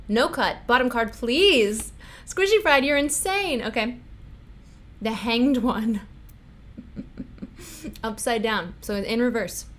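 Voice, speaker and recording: A woman streaming from an indoor home setup, talking in a higher-pitched, chatty way and giggling often as she answers her viewers. Her casual tarot readings move quickly, and a faint room hum sits behind her voice. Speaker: livestream host.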